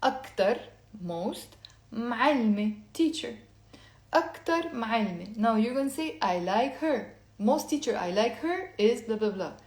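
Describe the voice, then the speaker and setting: A woman teaching a language lesson, explaining step by step and repeating words slowly for learners to say along. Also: a little high, expressive, a little mellow, reverberant. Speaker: Lebanese Arabic teacher.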